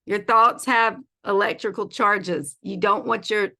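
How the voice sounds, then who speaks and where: A woman's voice: medium pitch, fairly even intonation, unhurried, gravelly, bright, forceful tone. A woman teaching an online feng shui class in a chatty, playful way, laughing often. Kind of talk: casual online presentation. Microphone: video call.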